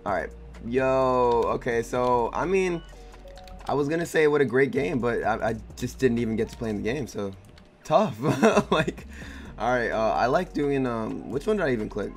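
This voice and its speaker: Excitable gravelly gamer guy. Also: medium pitch, moderate pace. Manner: excitable, laid-back slang, self-deprecating. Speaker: gaming YouTuber. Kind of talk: casual gameplay commentary. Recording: faint game music behind. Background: game music.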